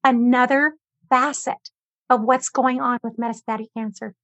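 High-voiced woman telling her story. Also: normal speed, no echo. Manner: earnest, animated retelling with quoted dialogue. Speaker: guest sharing cancer experience. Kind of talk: conversational storytelling.

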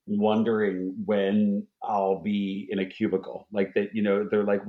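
A man's voice: on the low side, steady tone, moderate pace, darkish tone. A man from the Philadelphia area chatting casually as a podcast co-host, rambling, restarting sentences and swearing freely. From Philadelphia area, USA. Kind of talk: casual chat. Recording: dull lo-fi sound.

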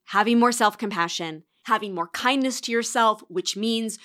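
Bright-voiced woman podcast host. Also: on the high side, normal speed. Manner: warm encouraging coaching tone, reads student quotes aloud. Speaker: podcast host and course mentor. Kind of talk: reflective solo podcast monologue.

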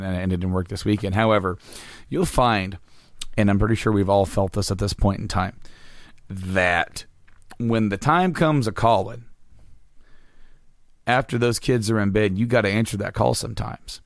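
A man co-hosting a casual podcast, telling a rambling, self-deprecating story with a slightly hoarse voice. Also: lowish voice, dry recording, studio quality. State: losing his voice. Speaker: podcast co-host. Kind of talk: casual chat.

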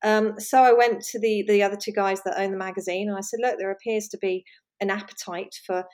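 A woman, a magazine editor, talking in a relaxed interview, laughing often and restarting her sentences. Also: medium pitch, fairly quick. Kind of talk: conversational interview.

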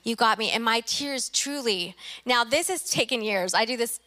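A woman's voice: on the high side, expressive, normal speed, pushed and bright. A middle-aged woman, a university president, preaching an earnest sermon in a church and acting out her own prayers. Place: church sanctuary.

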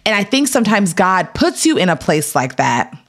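Animated woman telling her story. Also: on the low side, moderate pace. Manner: animated, acts out quotes in raised voices. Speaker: podcast guest, actress. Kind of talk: casual storytelling interview.

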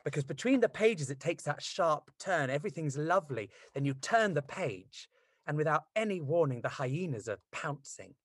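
A man hosting a podcast, chatting with a guest in an animated, gushing, theatrical way. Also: a little high, normal speed, slightly rough, dry recording, clean studio sound. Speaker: podcast host. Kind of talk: casual interview chat.

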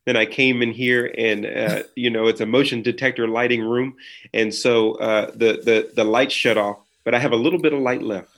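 A man's voice: medium pitch, fairly even intonation, moderate pace, fairly bright tone. Earnest man preaching on a video call. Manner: earnest, sermon-like cadence. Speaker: podcast guest, author. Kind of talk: preaching in conversation. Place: small room.

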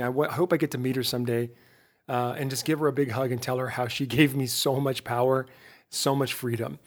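A middle-aged man hosting his own podcast, giving a lively motivational talk straight to his listeners, full of rhetorical questions and self-interruptions. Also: medium pitch. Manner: self-interrupting, laughs at himself. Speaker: podcast host.

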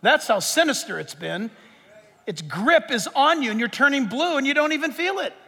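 A man's voice: extremely high pitch, expressive, moderate pace, vocal fry, sharp tone. A man preaching a sermon from a stage, fervent and emphatic, repeating phrases for stress. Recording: long reverb of a big hall.

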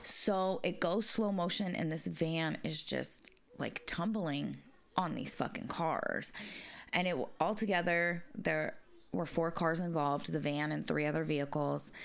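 A woman's voice: sits low, unhurried, gravelly. A woman co-hosting a podcast, telling a story in casual chat with plenty of swearing and fillers. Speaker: podcast co-host.

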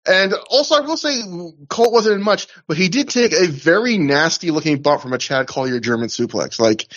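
A man's voice: fairly high pitch, lively intonation, moderate pace, a bit bright, muffled recording. A man co-hosting a casual podcast, rambling through a wrestling show review with lots of fillers and restarts. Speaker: podcast co-host.

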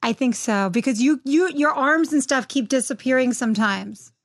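A woman's voice: sits high, normal speed. A woman co-hosting a video-call interview, speaking casually with frequent giggles. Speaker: co-host.

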